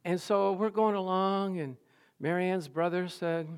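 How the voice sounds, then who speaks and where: High-voiced man preaching with humor. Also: steady tone, measured pace, clean tone. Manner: humorous, storytelling, self-deprecating. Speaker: pastor. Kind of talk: sermon.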